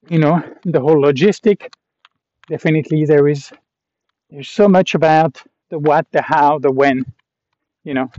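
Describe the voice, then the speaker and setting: A man's voice: on the high side, dark tone. A man from Canada talking to the camera while walking a long trail, rambling in a reflective way with many fillers and restarts. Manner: reflective and self-aware. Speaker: vlogger walking a long-distance pilgrimage trail. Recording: dull lo-fi recording.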